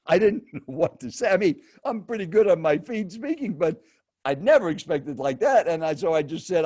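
A man in his seventies, a professional speaker and guest, telling a story with dramatic pauses and speaking directly to the host. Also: on the high side, lively intonation, a little mellow, husky, no room sound, studio quality. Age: 70s. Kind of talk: animated storytelling.

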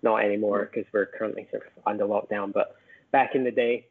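A man from Scotland with a softened Scottish accent, chatting casually as a podcast guest, rambling and correcting himself as he goes. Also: on the low side, little pitch movement, fairly quick. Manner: rambling, self-correcting, chuckles often. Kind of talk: casual chat. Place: home in Vietnam. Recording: tinny phone-like remote call.

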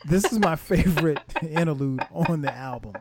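Halting, rambling man hosting a podcast. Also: fairly high pitch, lively intonation, heavy background noise. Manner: rambling, halting, with many fillers and restarts. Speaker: podcast host. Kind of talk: casual music review chat. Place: home in Atlanta.

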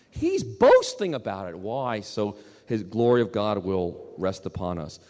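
A male pastor preaching a sermon in an emphatic, animated way, often repeating his words. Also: lowish voice, measured pace, hardly any pauses, in a large hall.

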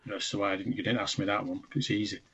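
A man's voice: lowish voice, flat delivery, quick pace, creaky, a bit bright, slightly rough, dull audio. A man co-hosting a podcast, answering quiz questions with teasing, sardonic remarks. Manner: sardonic, teasing banter with laughs. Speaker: podcast co-host. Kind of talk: casual chat.

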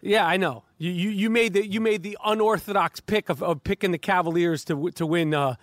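A man's voice: sits high, brisk, no room sound, clean studio sound. A man hosting a comedic sports podcast, stammering and repeating words as he talks. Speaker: podcast host.

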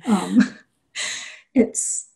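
A woman who illustrates children's books, answering interview questions in a candid, relaxed way. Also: extremely slow.

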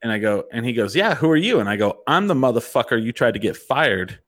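A middle-aged man telling a profane, animated story in casual chat as a host. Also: mid-range voice, a little fast.

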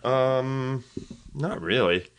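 A comedian guest on a podcast chats casually, his medium-pitched voice clean and his words drawn out. He tells stories in a rambling, self-deprecating way.

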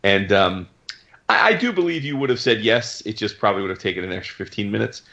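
Animated male co-host, lowish voice with a lively swing, slightly muffled recording. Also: fast talker, vocal fry. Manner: animated storyteller, acts out others' lines. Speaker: podcast co-host. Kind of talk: casual chat.

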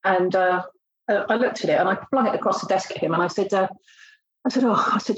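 A woman's voice: medium pitch, fast. Blunt woman, lo-fi sound. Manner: blunt, emphatic, acts out exchanges. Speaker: recruitment consultant. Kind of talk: casual interview talk.

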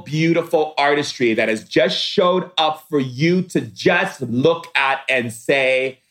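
Man, spiritual talk, slow emphatic preaching, drawn-out words, acts out quoted voices. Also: mid-range voice, a bit bright. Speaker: spiritual teacher.

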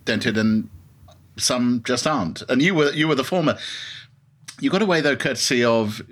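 A man interviews a guest on a podcast. He speaks at a medium pitch and frames his questions thoughtfully, often hedging before he asks. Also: normal speed, a bit bright. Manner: thoughtful, probing questions with hedges. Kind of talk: interview conversation.

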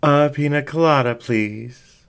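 A man's voice: a little high, unhurried, creaky, smooth, pitched above the performer's own voice. Brief: male reader doing a playful fox ringmaster, lifted voice, flirty and coy. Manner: flirty, lilting. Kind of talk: audiobook story reading.

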